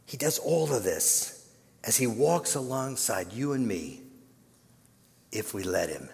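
A male pastor telling a story in a sermon, dropping to a hush and then building to loud, dramatic peaks. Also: medium pitch, expressive, slow, gravelly, pauses often. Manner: dramatic, swinging from hushed to loud. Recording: long reverb of a large hall.

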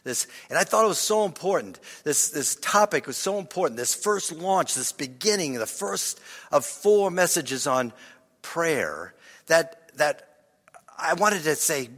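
Soft-spoken older pastor, breathy whispers. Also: male voice, fairly high pitch, expressive. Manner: slow, soft and meditative, with sighs and chuckles. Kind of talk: sermon with guided breathing and whispering. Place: church. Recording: large hall with long reverb.

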